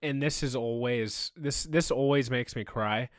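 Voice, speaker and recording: A man's voice: mid-range voice, unhurried, no echo, studio quality. A man co-hosting a podcast in casual, laid-back chat, joking now and then. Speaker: podcast co-host.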